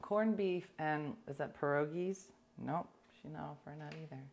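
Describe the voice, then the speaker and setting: A woman's voice: sits low, normal speed, darkish tone, a little hiss or hum. Wry, chatty woman on a livestream. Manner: wry, sarcastic storytelling, talking to viewers. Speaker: livestream host. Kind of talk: casual livestream chat.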